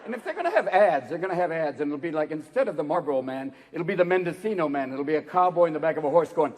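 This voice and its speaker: A man performing stand-up comedy, crude and animated, laughing along with the audience. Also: a little high, quick pace. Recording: live hall with loud crowd.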